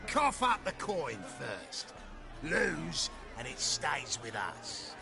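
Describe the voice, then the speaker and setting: A loud, swaggering pit-fighter brother from a video game, hollering his boasts in a high, wildly swinging voice and drawing the words out slowly. He is crude and cocky, with game music playing behind him. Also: huge pitch swings, creaky, exaggerated voice. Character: brash boastful male pit fighter, one of two brothers.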